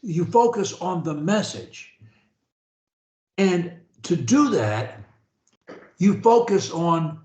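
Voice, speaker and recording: Over a video call from an echoey room, a male speech coach with a high, sing-song, darkish voice works with a client who stutters. He speaks slowly with frequent pauses, yet with energy and emphasis, drilling phrases for the client to repeat.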